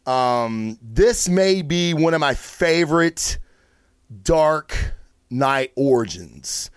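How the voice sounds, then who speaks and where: Excitable, swearing man reviewing comics. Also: fairly high pitch, drawn-out words, clean tone, no room sound, clean studio sound. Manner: excitable, rambling, swears freely. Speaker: host of a comic book review show. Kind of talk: casual solo review talk.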